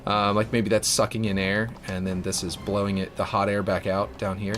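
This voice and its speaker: A man's voice: lowish voice, flat delivery, moderate pace, a bit bright, slight background noise. A man from Louisiana with a light Louisiana accent, chatting casually and rambling while he builds a game map on a livestream. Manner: rambling, lots of fillers, laid-back.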